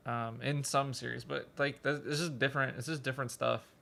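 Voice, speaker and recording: A man in casual studio podcast chat, relaxed and dryly teasing. His voice has a gravelly, fried edge at a middling pitch. He sounds close to the mic. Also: brisk. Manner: laid-back, dry teasing. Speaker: podcast host.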